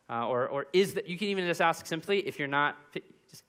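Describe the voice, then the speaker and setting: A man's voice: medium pitch, normal speed, a bit bright. A young man giving a sermon as pastor, walking through numbered points and acting out little example quotes. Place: church.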